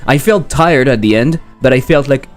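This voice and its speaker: A man with a French accent talks loosely on a live stream, drifting between jokes and chat replies as he works. His pitch sits in an ordinary middle range for a man. Soft music plays faintly behind him. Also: normal speed. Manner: rambling and jokey, reading chat aloud. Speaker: game developer streamer. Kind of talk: casual livestream chat.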